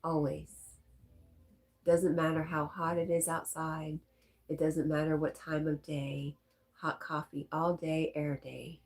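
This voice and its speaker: A woman's voice: sits low, flat delivery, slow pace. A middle-aged woman with a stuffy nose, casually chatting on a live stream and reading viewer comments aloud. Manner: reads viewer comments aloud and chats back softly.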